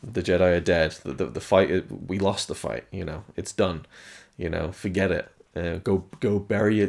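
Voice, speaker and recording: Deep, gravelly man rambling through a review. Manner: rambling, frequent restarts and repeated words; frank, swears casually. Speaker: film and TV reviewer. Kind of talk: casual spoken review.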